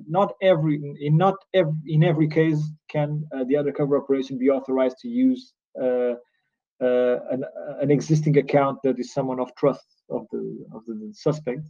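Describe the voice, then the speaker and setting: A man with a Portuguese accent delivers an earnest conference lecture, thinking aloud as he explains. His voice sits a little high but sounds mellow and dark in tone. The recording is dull and lo-fi. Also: steady tone, moderate pace. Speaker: lecturer on cybercrime law.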